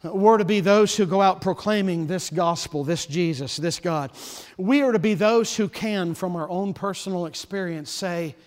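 A man preaching a sermon as pastor, passionate, his voice swelling loud and then dropping soft. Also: high-pitched, normal speed, hardly any pauses. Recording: long hall reverb.

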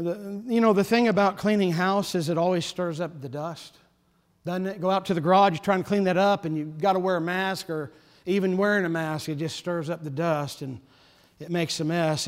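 A man preaching a sermon as pastor, passionate, his voice swelling loud and then dropping soft. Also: high-pitched. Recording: long hall reverb.

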